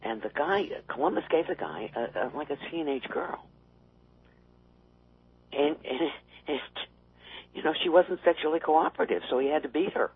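A man chatting on a talk radio show, wry and quick to laugh at his own remarks. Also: a little high, lively intonation, husky. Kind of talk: casual political talk radio chat. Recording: tinny phone line.

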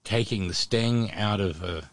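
A man hosting solo political commentary, sardonic and halting, often restarting his words. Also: fairly low pitch, no room sound.

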